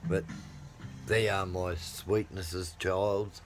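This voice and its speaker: A middle-aged man vlogging as he tells a long, rambling family story. He swears constantly and swings from loud bursts to low mutters. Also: fairly even intonation, takes it slowly, over music. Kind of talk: casual storytelling.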